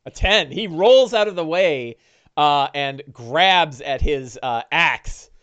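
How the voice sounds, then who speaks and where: A man narrates a tabletop game as game master, with a raised voice and a lively, animated delivery. He talks casually and fills pauses with many filler sounds. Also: on the high side, clean tone, lo-fi sound.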